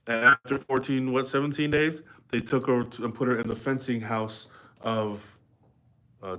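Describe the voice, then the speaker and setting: A man's voice: on the high side, sharp tone. A middle-aged man reading a history book aloud live, stopping in a conversational way to explain and ask his listeners. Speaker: reader and commentator.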